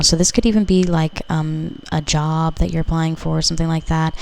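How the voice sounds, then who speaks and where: A woman's voice: deep voice, flat delivery, normal speed, gravelly, a little mellow, a little hiss or hum. A woman giving a casual pick-a-card tarot reading, rambling intuitively with lots of filler words. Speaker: tarot reader.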